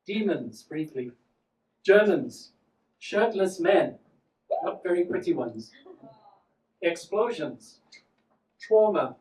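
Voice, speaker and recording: A man's voice: fairly high pitch, darkish tone. A man in his forties with a South African accent, telling wry, self-deprecating stand-up stories on a theatre stage. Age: 40s. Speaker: comedian and solo performer. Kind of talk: stand-up storytelling. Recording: echoey theatre from far off.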